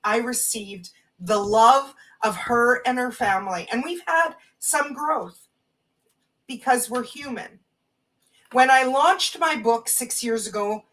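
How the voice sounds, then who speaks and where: Slow-spoken woman reading oracle cards. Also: fairly high pitch. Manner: gentle, reads card messages aloud. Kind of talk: slow spiritual live talk. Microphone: phone or webcam on a live stream. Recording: distant from the mic.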